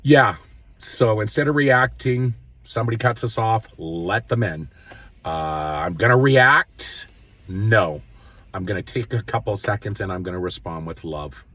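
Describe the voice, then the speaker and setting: A man hosting his own show, giving earnest spiritual self-help advice in a casual way, with many pauses and fillers. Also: fairly low pitch, lively intonation, fairly bright tone, husky, no room sound. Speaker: host.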